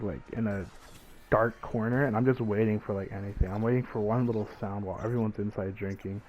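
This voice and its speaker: A man's voice: fairly low pitch, slight background noise, poor audio. A young man telling a story in casual, profane speech, acting out what people said. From Mexican family. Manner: profane, animated retelling with acted quotes.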